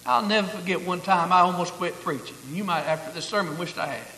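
A man preaching a sermon, swinging from hushed, quiet passages to loud, emphatic declarations. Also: high voice, fast talker. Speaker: pastor. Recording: echoey hall.

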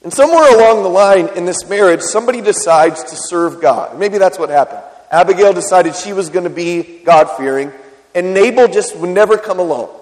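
Male pastor, higher voice, chatty sermon delivery with questions to the crowd, reverberant hall. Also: brisk. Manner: conversational preaching with frequent questions to the congregation.

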